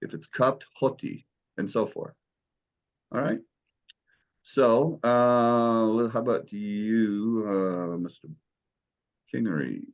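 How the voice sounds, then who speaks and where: A man's voice: lowish voice, takes it slowly, pauses often, lo-fi sound. A man teaching a beginners' Greek class, explaining letters and sounds patiently, step by step. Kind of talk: classroom lesson.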